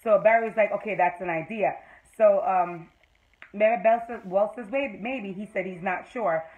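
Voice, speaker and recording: A woman with a Jamaican accent giving a rambling, excitable fan recap of a TV episode, full of fillers. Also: mid-range voice, normal speed, phone-quality sound. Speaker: TV episode reviewer.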